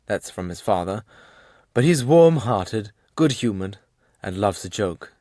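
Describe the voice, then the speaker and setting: A man reading an audiobook, voicing a plain-spoken, warm-hearted working man who tells his story earnestly. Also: fairly low pitch, lively intonation, a little slow, no echo, clean studio sound.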